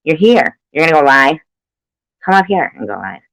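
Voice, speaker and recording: A woman's voice: sits low, very animated, moderate pace, vocal fry, no echo, poor audio. A woman chatting casually on a live stream, rambling and swearing freely, laughing often between remarks. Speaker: livestreamer.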